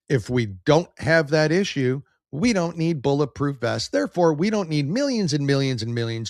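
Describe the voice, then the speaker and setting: A man's voice: mid-range voice, vocal fry, no echo, studio quality. A man hosting a podcast, giving blunt, opinionated political commentary and reading viewer comments aloud. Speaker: podcast host.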